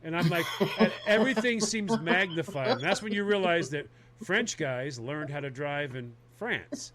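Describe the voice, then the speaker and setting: A man telling a comic personal story in casual chat, animated and laughing as he talks. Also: fairly high pitch, moderate pace, a little hiss or hum.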